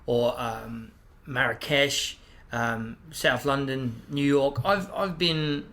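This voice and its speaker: A man's voice: mid-range voice, steady tone, slow pace, sharp tone. A brash, middle-aged Australian comedian in casual podcast chat, swearing freely and acting out voices as he tells stories. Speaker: comedian guest.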